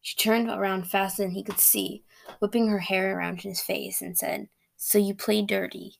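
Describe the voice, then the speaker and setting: On her podcast, a young woman reads her own fantasy tale at normal speed, keeping her delivery even and relaxed. Her voice sits at an ordinary middle pitch with a distinct vocal fry.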